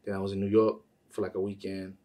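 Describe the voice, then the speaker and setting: A man, a music manager, telling stories in a casual interview, profane and animated, acting out the voices of people he quotes. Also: sits low, quick pace, far from the mic.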